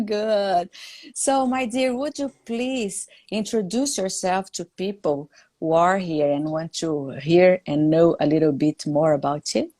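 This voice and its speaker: A woman in her fifties with a Brazilian Portuguese accent, hosting a live stream in English as a teacher, unhurried and filling pauses with "uh" and "um". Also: on the low side, warm tone. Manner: slow, unhurried speech with trailing fillers.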